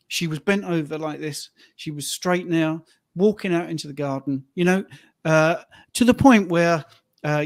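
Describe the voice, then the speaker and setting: A man's voice: fairly high pitch, no echo. Storytelling man on a dry call. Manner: storytelling, acts out quoted voices. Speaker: fitness coach and co-host. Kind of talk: casual chat on a live stream.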